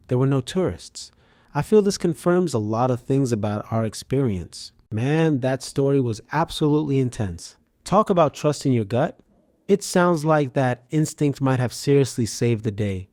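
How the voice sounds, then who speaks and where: A man narrating a scripted story with a steady, even storytelling delivery. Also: medium pitch, dry recording.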